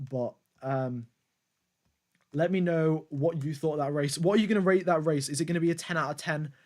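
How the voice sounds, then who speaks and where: Hosting a live race stream, a man with a slightly high, darkish voice rambles casually. He reacts to the results and chats with viewers in a conversational way.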